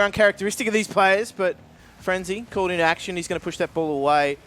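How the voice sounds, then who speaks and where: A man giving measured play-by-play on a live esports match, with bursts of excitement on the big plays. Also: high voice, slight background noise. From Australia. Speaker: esports co-caster.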